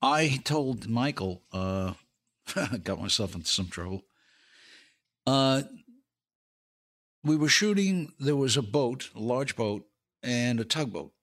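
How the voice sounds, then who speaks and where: A man's voice: mid-range voice, animated, slow, pauses often, a bit bright. An older man, an actor and comedian, telling show-business stories as a podcast guest, laughing through his punchlines. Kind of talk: casual anecdote telling.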